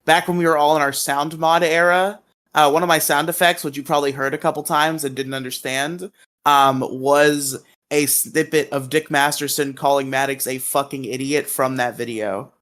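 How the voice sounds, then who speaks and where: Higher-voiced man, chatty podcast co-host. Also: steady tone, moderate pace, fairly bright tone. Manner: laughs easily, swears, chatty and opinionated. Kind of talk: casual chat.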